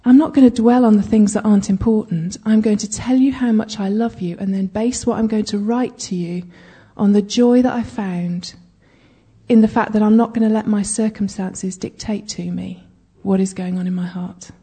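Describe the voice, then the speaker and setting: A woman's voice: medium pitch, steady tone, moderate pace, warm tone, breathy edge. A woman giving conversational Bible teaching, chatty, with humorous asides and frequent check-ins with her listeners.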